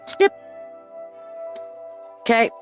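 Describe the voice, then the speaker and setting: This psychic live-stream host talks very slowly, with faint music playing behind her. In a casual chat, she reads out viewers' posts, performs the people in them with bold voices, swears freely, speaks bluntly, and addresses viewers as babe and dear.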